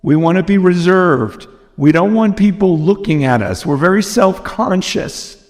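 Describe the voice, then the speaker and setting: A man's voice: high voice, animated, unhurried, a little mellow. An American man preaching a sermon, earnest and emphatic, often repeating phrases, recorded in a large church hall. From United States. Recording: long reverb from a large hall.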